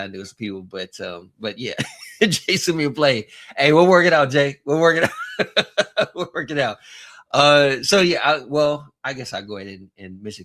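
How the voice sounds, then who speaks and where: A man hosting a casual livestream, talking in a rambling, halting way and greeting chat viewers by name with chuckles. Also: on the low side, fairly bright tone. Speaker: livestream host.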